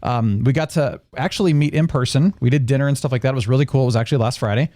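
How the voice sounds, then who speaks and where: A man hosting a podcast, chatting casually and rambling with animated storytelling. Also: medium pitch, racing, no room sound. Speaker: podcast host. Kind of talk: casual chat.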